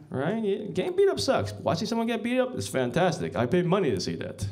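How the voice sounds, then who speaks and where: A man's voice: high voice, wildly swooping pitch, brisk, darkish tone. A man doing a stand-up comedy set as emcee, rambling and self-mocking, chuckling at his own jokes.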